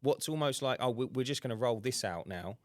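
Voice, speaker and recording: A man, co-hosting a casual podcast and telling animated stories, acting out customer dialogue. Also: mid-range voice, brisk, no room sound, studio quality. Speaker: podcast co-host, window cleaner. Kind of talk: casual chat.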